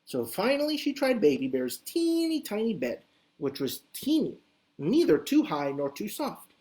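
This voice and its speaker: A woman reading a children's story aloud as an expressive, animated storyteller. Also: mid-range voice, a little slow.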